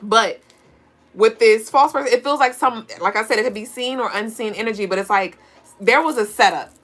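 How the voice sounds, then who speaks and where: A woman's voice: a little high, brisk, fairly bright tone, faint music behind. A woman hosting a live tarot reading, chatty and playful, talking to her viewers in a style. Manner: chatty and playful, laughing often, talks to chat viewers. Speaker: livestream tarot reader and astrology host.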